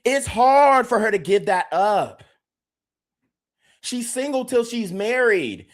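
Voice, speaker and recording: A man's voice: very high voice, very animated, takes it slowly. A man hosting a livestream commentary podcast, talking emphatically and repeating his points. He keeps turning to address the chat directly. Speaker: podcast host.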